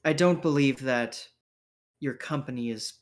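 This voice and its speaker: A man doing a tall, ghoulish clinic attendant in a tabletop game, stiffly polite and guarded, hedging with small hesitations. His voice sits at an ordinary middle pitch and is delivered in a plain, low-key way. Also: unhurried, close to an everyday voice. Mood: prim, guarded. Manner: stiff, discreet, with hesitant uhs.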